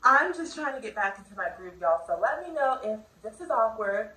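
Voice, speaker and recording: A young woman rambles happily through a try-on haul at home, chatty and bubbly, her voice sitting slightly high. The audio is roomy and echoey, as if the camera mic is a few feet away. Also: big pitch swings, pushed and bright, far from the mic, a little hiss or hum. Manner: chatty, bubbly, drawn-out filler words. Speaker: fashion vlogger. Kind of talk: casual try-on haul chat. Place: home room.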